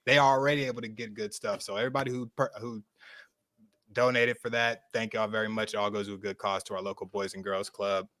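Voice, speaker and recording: A man hosting a casual gaming podcast, energetic and talking straight to his viewers. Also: fairly low pitch, fast talker. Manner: energetic, hype, calls out to viewers. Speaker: podcast host.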